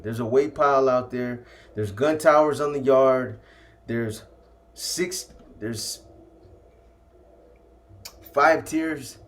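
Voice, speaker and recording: A man telling stories from his past in a casual, laid-back way, dropping slang and ending lines with "man". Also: mid-range voice. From California. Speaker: storyteller recounting his past. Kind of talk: casual first-person storytelling.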